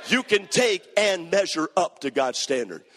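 A man preaching a sermon as pastor, swinging from quiet asides to sung, shouted cadences. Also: sits high, very animated, measured pace, a little hiss or hum. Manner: preaching with rising shouts and sing-song cadence. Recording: long hall reverb.

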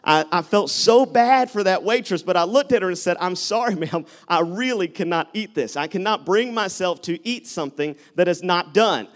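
Man, high voice, preacher, lively sermon, storytelling and loud exhortation. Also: normal speed, few pauses. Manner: animated, shifts between storytelling and loud exhortation. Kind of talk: sermon with live object lesson.

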